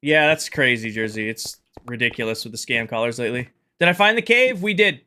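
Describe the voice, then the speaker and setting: Male live streamer, casual thinking-aloud chatter, crisp bright tone, medium pitch. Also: animated, brisk, slight background noise. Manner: chatty, thinks aloud and greets chat viewers. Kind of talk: casual live-stream chat while gaming.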